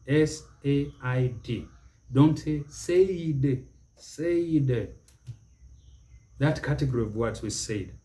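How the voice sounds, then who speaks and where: Middle-aged man, pronunciation teacher; slow, measured delivery, mellow dark tone. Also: mid-range voice. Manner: slow, deliberate, repeats words for emphasis. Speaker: pronunciation teacher and show host. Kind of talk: spoken English lesson to camera.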